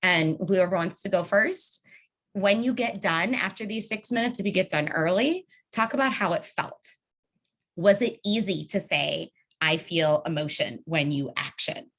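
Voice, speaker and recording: A young adult woman runs an online training session over a video call, her mid-range voice lively in intonation and fairly bright. She keeps a moderate pace, sounding upbeat and conversational as she calls the group "y'all."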